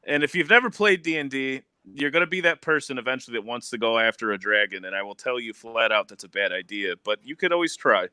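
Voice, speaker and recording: A man's voice: mid-range voice, animated, fast talker, few pauses, pushed and bright, clean tone, no echo. A man co-hosting a casual stream chat, loose and laughing, swearing casually. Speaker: co-host.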